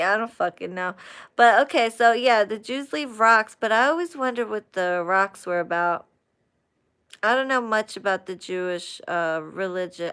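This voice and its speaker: Woman, live-stream host, smooth clear voice, swears constantly, heated casual rant. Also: medium pitch. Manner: profane, animated ranting, frequent swearing.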